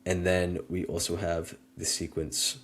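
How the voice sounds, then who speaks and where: Man, lowish voice, relaxed, step-by-step explainer, casual walkthrough. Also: a little slow. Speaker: guest demonstrating software. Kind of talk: casual screen-share walkthrough.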